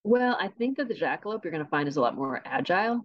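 A woman guesting on a podcast, telling tall tales about a mythical animal with a deadpan delivery. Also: on the low side, fast, no room sound, highs cut off. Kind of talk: tongue-in-cheek podcast interview.

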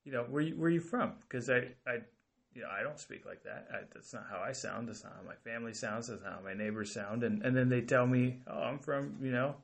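A man's voice: medium pitch, a little fast, creaky. A man hosting a podcast, asking questions cautiously and hedging before he gets to the point. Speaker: podcast host. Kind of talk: casual podcast interviewing.

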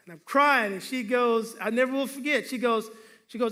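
A man's voice: very high voice, moderate pace, bright, forceful tone. A male pastor preaching a sermon, telling humorous stories and calling for responses from the congregation.

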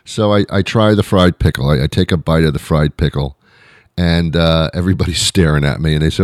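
A man's voice: a bass voice, fairly quick, dry recording, studio quality. A man telling a comic story as a show host, rambling and self-mocking, with frequent restarts.

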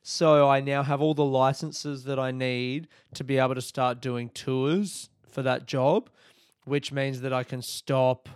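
In this clip, a young Australian man hosts his own podcast, rambling casually and laid-back with lots of swearing. His mid-range voice sounds clear and resonant, recorded in studio quality with no room sound.

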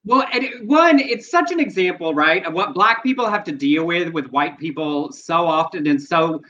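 A man's voice: a little high, animated, normal speed, sharp tone. A man co-hosting a casual news chat show, explaining his views earnestly and at length. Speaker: podcast co-host. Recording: dull lo-fi sound.

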